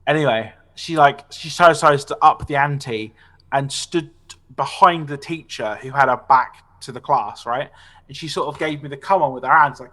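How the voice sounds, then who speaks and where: Speaking at normal speed in a mid-range voice, a late-twenties podcast host shares animated stories peppered with swearing. Casual in tone, he often ends lines with a tag "right?"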